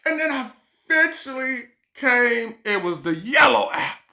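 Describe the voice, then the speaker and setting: Slow-talking bright-voiced woman storyteller. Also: on the high side, roomy sound. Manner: animated, exclaiming storyteller; loose, repetitive casual phrasing. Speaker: vlogger. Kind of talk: comic storytime.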